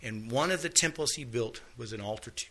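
A man's voice: mid-range voice, a little fast, bright, forceful tone. A man teaching a Bible lesson, retelling stories in a folksy, conversational way and casually acting out the characters' lines. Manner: folksy storytelling, acts out quotes casually.

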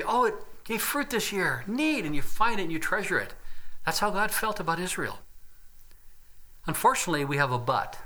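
A man's voice: a little high, sharp tone. A man preaching an expository sermon, reading Bible verses aloud and breaking in with his own asides.

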